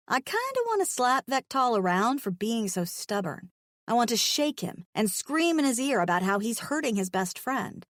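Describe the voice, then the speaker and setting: A woman's voice: a little high, no echo, studio quality. A woman narrating a first-person romance audiobook in a frank, wry, playful way.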